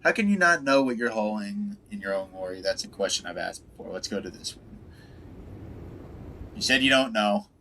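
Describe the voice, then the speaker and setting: A man's voice: on the low side, fast talker, hardly any pauses, noisy background. A man streaming a game, reading dialogue choices aloud in loose, joking let's-play commentary. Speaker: gaming streamer. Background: game music.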